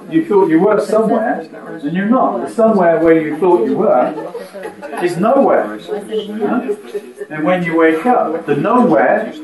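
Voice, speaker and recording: A man preaching to a gathered audience, throwing rhetorical questions and laughing lightly as he talks. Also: fairly high pitch. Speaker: spiritual teacher. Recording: echoey room from a distance, audience.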